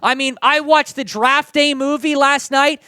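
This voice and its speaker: A man from Houston hosting a sports news show, commenting in an excitable, gushing way. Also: very high-pitched, no room sound. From Houston, Texas. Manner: excitable, gushing, swings between quick and drawn-out delivery.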